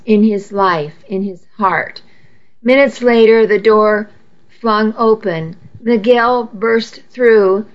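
Woman narrator for a first-person novel; measured, intimate reading, mid-pitched and unhurried. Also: muffled recording. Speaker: audiobook narrator.

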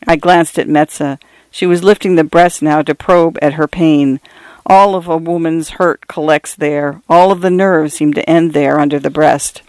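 Higher-voiced man reading literary fiction. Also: steady tone, no room sound. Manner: measured first-person narration. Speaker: audiobook narrator.

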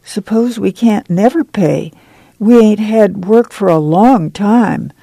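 A woman's voice: medium pitch, takes it slowly, creaky, dark tone, breathy edge, dry recording, voice pushed up, full character voice. A reader voicing a timid, ashamed poor mother who whines in a rural folksy dialect.

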